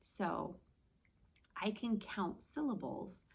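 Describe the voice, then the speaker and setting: A woman teacher giving a remote lesson to young children, speaking slowly and clearly, modeling words and answers for the class. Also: medium pitch, expressive. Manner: slow, clearly spoken teacher voice.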